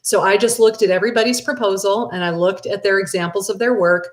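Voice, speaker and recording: A middle-aged woman talks other agents through her weekly routine in a loose, chatty class. Her voice sits mid-range and jumps up when she gets excited. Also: fast talker. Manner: chatty and animated, with big excited jumps in pitch. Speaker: real estate agent teaching a class. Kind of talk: casual live class, answering viewer questions.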